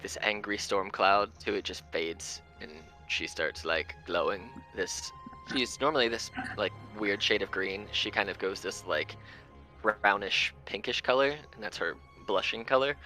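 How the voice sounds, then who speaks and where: A man's voice: lowish voice, measured pace, bright, forceful tone, faint music behind. A man narrating a tabletop game as game master, loose and full of ums.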